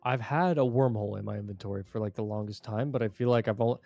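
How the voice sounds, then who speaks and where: A man's voice: on the low side, fast, gravelly, mellow, no echo, faint music behind. A young man co-hosting a casual gameplay session, laid-back and teasing. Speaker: gaming co-host.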